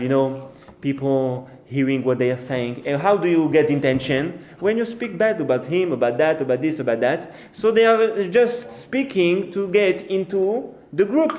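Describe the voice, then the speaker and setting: Halting rabbi telling a story in an echoey room. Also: male voice, mid-range voice, darkish tone. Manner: halting, repeats and restarts phrases; acts out the birds and the king in short quoted bits. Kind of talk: storytelling sermon. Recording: echoey room with faint noise.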